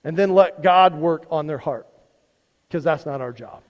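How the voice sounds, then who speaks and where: The audio is dull and carries long hall reverb from the church sanctuary where a male pastor preaches. His voice is on the high side and a little slow, and his conversational sermon is full of questions to the congregation and repeated words.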